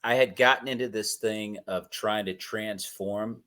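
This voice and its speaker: A man's voice: lowish voice, steady tone, a little slow, pushed and bright. A man hosting a casual interview, telling stories, laughing often and acting out quotes. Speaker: podcast host.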